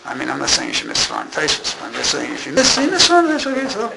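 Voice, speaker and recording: A man's voice: on the high side, wildly swooping pitch, rapid-fire, creaky, very noisy. A man giving an informal Torah class, repeating and restating his points with emphasis. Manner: repetitive, emphatic, restarts phrases. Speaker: Torah teacher.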